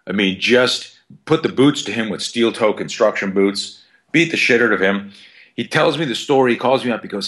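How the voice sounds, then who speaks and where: A man's voice: on the low side, moderate pace, fairly bright tone. A man in his fifties, a self-defense coach guesting on a podcast, telling stories in a rambling, profane way full of fillers. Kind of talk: casual storytelling interview.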